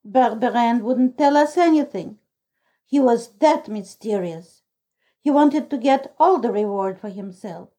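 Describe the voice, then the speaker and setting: A woman's voice: fairly high pitch, expressive, unhurried, dark tone. A woman doing a dramatic old innkeeper woman. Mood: gossipy. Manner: exclaiming, throws up her hands. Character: deaf old female lodging-house keeper, gossipy and dramatic.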